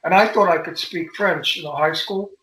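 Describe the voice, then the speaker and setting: An older man chats as an interview guest, spinning bawdy stories with animated relish. His voice sits high and sounds sharply bright. The call carries a roomy echo around him. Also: normal speed. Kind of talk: casual interview chat. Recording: echoey room.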